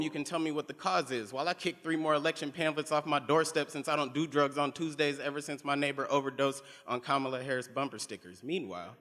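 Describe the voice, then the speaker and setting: Guy reading his poem at a live event, steady and pointed, medium voice, lots of hall reverb. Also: mid-range voice. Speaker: poet. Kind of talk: spoken word poetry reading. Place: live reading in a museum venue. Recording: long reverb of a large hall.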